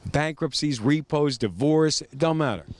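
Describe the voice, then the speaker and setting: Hyped high-voiced car ad pitchman. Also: normal speed, background noise. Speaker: dealership ad host.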